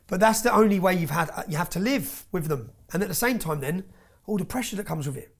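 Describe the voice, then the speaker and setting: A man's voice: high voice, lively intonation, fast. A man telling his story as an interview guest, intense and emphatic, often tagging his points with "yeah?". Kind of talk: heated personal storytelling.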